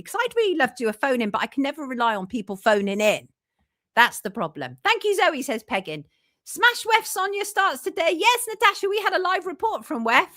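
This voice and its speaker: A woman hosting a casual live show, chatting warmly with her audience and reading out viewer comments in an animated way. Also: high-pitched, no echo, studio quality. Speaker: journalist and show host.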